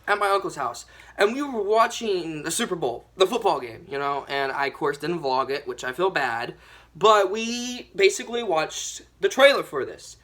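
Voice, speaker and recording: A young woman giving a ranting movie review, animated and exasperated, with mild swearing. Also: fairly low pitch, moderate pace.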